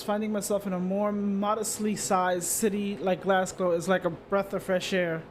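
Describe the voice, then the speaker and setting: A man reading the narration of a story game aloud, steady, with small slips and restarts. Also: high voice, slight background noise. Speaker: streamer.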